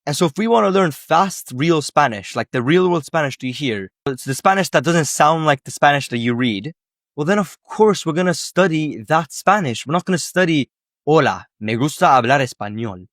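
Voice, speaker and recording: A man's voice: a little high, expressive, moderate pace, fairly bright tone, dry recording, studio quality. A man coaching viewers on learning Spanish, talking to camera in an emphatic, persuasive way, full of rhetorical questions and casual fillers. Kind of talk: casual direct-to-camera teaching.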